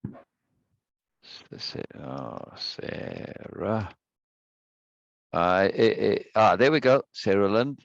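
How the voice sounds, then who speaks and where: A man hosting a live stream and chatting casually with viewers. He rambles, repeats words and greets people warmly. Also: fairly low pitch, very animated, drawn-out words, vocal fry, long pauses, no room sound, highs cut off. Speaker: livestream host.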